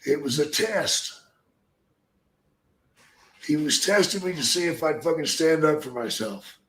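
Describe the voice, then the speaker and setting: A retired wrestler spins rough, cussing stories in a loose, rambling way. The man's voice sits fairly high for his sex. The sound rings around an echoey room. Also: expressive, measured pace, a bit bright, slight background noise. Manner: gruff, profane, rambling anecdotes. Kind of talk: casual podcast storytelling.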